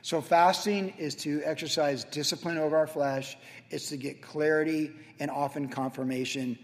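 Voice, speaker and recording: A man preaching a sermon as pastor, telling stories with animated, acted-out moments. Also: a little high, moderate pace. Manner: animated storytelling, acts out his own past self. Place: church sanctuary. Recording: church hall with long reverb.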